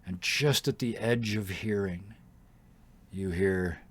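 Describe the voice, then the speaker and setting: A man narrating as game master, relaxed and rambling, with fillers and laughter. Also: low-pitched, slow, breathy edge.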